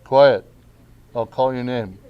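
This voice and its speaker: Slow-talking male teacher. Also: mid-range voice, dull audio. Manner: slow, casual, keeps saying okay. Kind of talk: classroom instruction.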